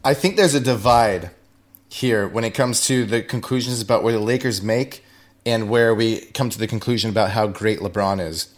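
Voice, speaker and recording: A man on a sports panel reasoning aloud in a measured way. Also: fairly low pitch. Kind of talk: sports debate talk.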